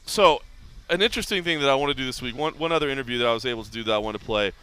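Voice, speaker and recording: Brisk bright-voiced male podcast host. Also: medium pitch, smooth. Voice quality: animated storyteller, acts out quotes in raised voice. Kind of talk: casual podcast chat.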